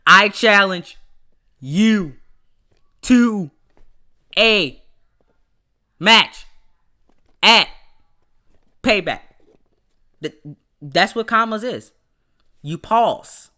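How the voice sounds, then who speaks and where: Bright-voiced animated man ranting casually. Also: high voice. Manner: animated, stammers and repeats words; rants, laughs often. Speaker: podcast host. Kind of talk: casual livestream chat.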